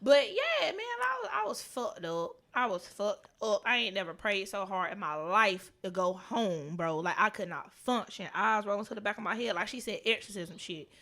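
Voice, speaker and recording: A young woman co-hosting a podcast, telling a wild story in casual, profane chat with bursts of loud laughter. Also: medium pitch, lively intonation, moderate pace, hardly any pauses. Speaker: podcast co-host.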